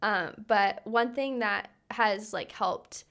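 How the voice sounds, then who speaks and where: A woman's voice: mid-range voice, takes it slowly, fairly bright tone. A young woman co-hosting a podcast, chatting casually with many fillers. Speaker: podcast co-host. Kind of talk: casual chat.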